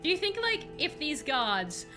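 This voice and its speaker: A woman's voice: high-pitched, big pitch swings, unhurried, music in the background. A young woman streaming a video game, chatting casually with playful, rambling jokes. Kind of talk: casual live-stream chat while playing.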